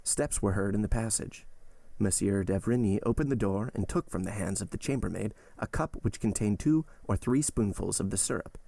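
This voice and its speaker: A man narrating a classic novel aloud in a steady, measured audiobook style. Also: fairly low pitch, vocal fry, dry recording. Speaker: podcast host reading a novel aloud.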